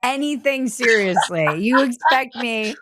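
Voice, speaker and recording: A woman's voice: on the high side, animated, a little slow, fairly bright tone. Give me a wry woman podcast host. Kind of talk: casual interview chat.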